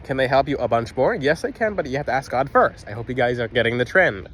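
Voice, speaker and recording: A man's voice: medium pitch, lively intonation, fast talker, fairly bright tone. A man casually talking to a phone camera outdoors, emphatic and rambling, with frequent restarts. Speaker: spiritual video host.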